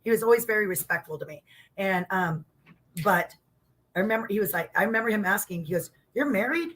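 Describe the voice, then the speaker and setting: Speaking fast at a medium pitch, this former wrestler, a middle-aged woman, shares stories in a relaxed interview. She gets animated, performs the quotes, and swears offhandedly.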